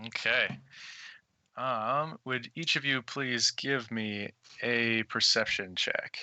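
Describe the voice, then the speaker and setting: Guy running a tabletop game, bright voice, laid back. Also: mid-range voice, steady tone, slow, no echo. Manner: easygoing, descriptive. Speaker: game master.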